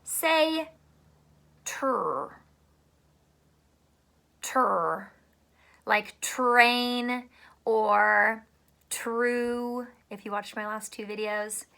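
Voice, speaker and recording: A woman teacher with a high, bright voice talks young children through a phonics lesson. She speaks slowly and clearly in a sing-song, playful way.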